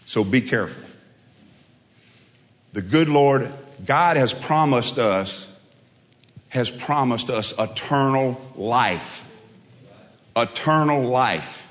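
A man preaching with folksy storytelling, repeating his key lines for emphasis. His voice sits at a middle pitch and rings out with a long hall reverb. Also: expressive, slow, long pauses. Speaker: preacher and football coach. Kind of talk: sermon.

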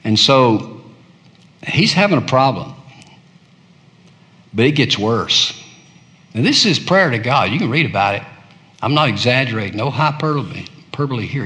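A man preaching a sermon, swinging between hushed, low murmurs and loud, high-pitched cries. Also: lively intonation, moderate pace, pauses often, long reverb tail.

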